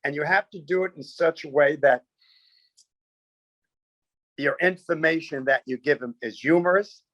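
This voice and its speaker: A man's voice: fairly high pitch, moderate pace, a bit bright, no echo, muffled recording. A man, a comedian guest, telling stories with punchy quoted bits and lots of animation.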